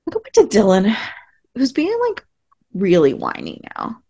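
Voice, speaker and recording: A woman's voice: mid-range voice, normal speed, creaky, breathy edge. A woman co-hosting a podcast, recapping a TV episode in casual chat with sarcastic asides. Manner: animated, sarcastic asides, acts out quotes. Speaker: podcast co-host.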